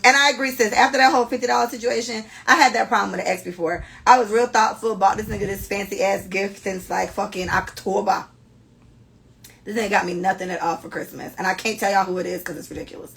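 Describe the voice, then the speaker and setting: A woman hosts a casual podcast and reads listener stories aloud, breaking in with blunt, profane commentary. Her voice has a gravelly, fried texture. She reads slowly and deliberately, then talks freely between passages. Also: mid-range voice, fairly bright tone. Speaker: podcast host.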